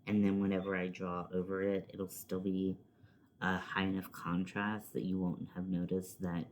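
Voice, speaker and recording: A man's voice: deep voice, monotone, normal speed, slight background noise. A man talking casually through a makeup tutorial at home, rambling and self-deprecating, with the odd muttered swear. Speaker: makeup vlogger. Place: at home, seated at a desk with a laptop.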